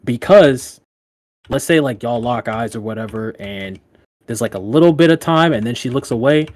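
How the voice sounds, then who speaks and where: A man on a podcast giving casual dating advice in loose, profane slang, laughing often and jumping up in pitch when he tells a story. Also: moderate pace. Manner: animated, with big jumps in pitch when telling stories. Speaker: podcast co-host.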